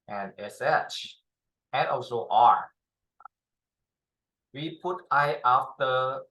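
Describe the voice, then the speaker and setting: A tutor drills pronunciation in a bright, forward voice, pacing each word very slowly. The English is halting and full of pauses, and each sound is modeled for learners to echo. The voice rings in an echoey room. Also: medium pitch. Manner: models sounds, has learners repeat them. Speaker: Chinese tutor.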